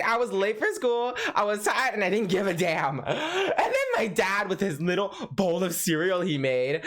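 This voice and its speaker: A young man vlogger telling a story in a casual, animated way, full of "like" fillers and laughter. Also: high-pitched. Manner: animated, swoops between laughing and mock-crying, heavy "like" filler.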